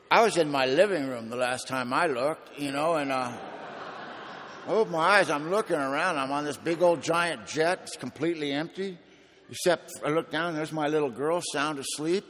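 A man's voice: on the high side, fairly bright tone, big-room sound. A man giving a raw, plainspoken personal testimony as a speaker at a recovery meeting.

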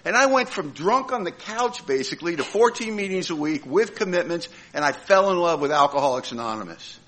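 Guy telling a funny recovery story, bright voice, bounces all over the place, does little voices for people. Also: a little high, expressive, brisk. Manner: comic storytelling, acting out other people's lines. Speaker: recovering alcoholic sharing his story at a meeting. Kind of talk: humorous personal recovery talk.

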